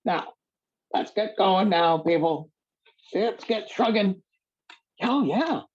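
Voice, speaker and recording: A man's voice: slow, muffled recording. A man voicing an upbeat male yoga teacher who pushes the class to work harder, in a cheering voice. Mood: pumped, urging. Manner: high, pushy, cheering.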